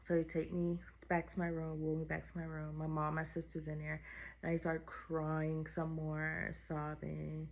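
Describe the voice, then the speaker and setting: A woman's voice: low-pitched, completely flat delivery, unhurried, creaky. A woman vlogger telling a personal story in a candid, heartfelt, conversational way.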